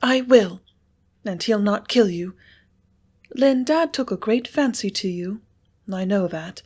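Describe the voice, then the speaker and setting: A woman voicing a passionate young ranch woman in an audiobook, speaking in a tremulous, halting, breathless way. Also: mid-range voice, lively intonation, darkish tone, husky. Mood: insistent. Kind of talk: audiobook character reading.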